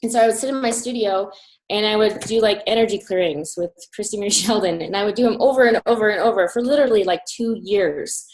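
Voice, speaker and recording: A woman from Colorado telling a personal story as an interview guest, animated and breathy in the emotional moments. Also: medium pitch, fast, poor audio. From Colorado, USA.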